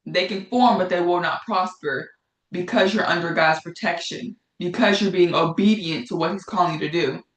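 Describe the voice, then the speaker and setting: A woman's voice: fairly low pitch, moderate pace. A woman teaching a Bible study in a conversational way, often repeating phrases for emphasis. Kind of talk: casual spoken Bible study. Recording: echoey room.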